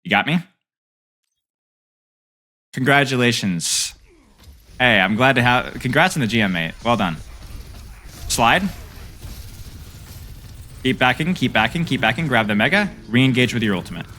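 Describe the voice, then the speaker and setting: A man's voice: medium pitch, animated, normal speed, pauses often, pushed and bright, a little hiss or hum. A young man coaching a player through game footage, trading playful banter with his stream chat between tips.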